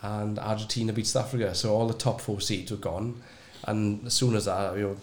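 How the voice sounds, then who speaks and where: A man with a low voice that stays flat and even, working back through a memory with plenty of ums and restarts. He lifts a little at the high points but mostly keeps to a steady, unhurried recollection. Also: a little hiss or hum. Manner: rambling, hesitant recall with many fillers, brightening at high points. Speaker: guest, former sevens player. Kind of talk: casual interview recollection.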